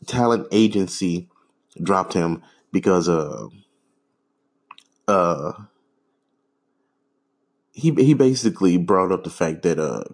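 A man's voice: low-pitched, darkish tone, slightly rough. A man hosting a podcast alone, ranting in a rambling, profane way, full of fillers and scoffing laughs. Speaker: podcast host. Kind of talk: casual solo rant.

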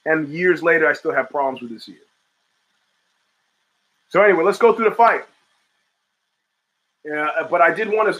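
Bright-voiced rambling male talk host. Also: a little high, low-quality recording. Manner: rambling, profane, reads chat and answers it. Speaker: podcast host. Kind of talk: casual talk show monologue.

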